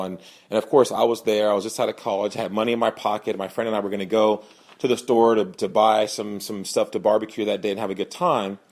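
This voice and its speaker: A young man hosting a podcast, telling a personal story in an earnest, animated way and voicing the people in it. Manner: earnest, animated, acts out quoted voices with raised pitch. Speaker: podcast host, sales speaker.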